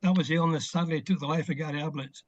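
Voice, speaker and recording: Speaking very fast with fairly even intonation and a high-leaning voice, a former footballer in his later years swaps warm, filler-laden stories as a guest on a casual video chat. The recording is muffled.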